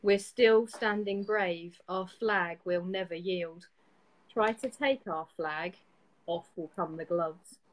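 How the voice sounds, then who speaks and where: Female host, lowish voice, steady poem reads, brisk chat. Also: low-quality recording. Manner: steady, even reading with quick laughs in chat. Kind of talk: casual chat and reading poetry aloud.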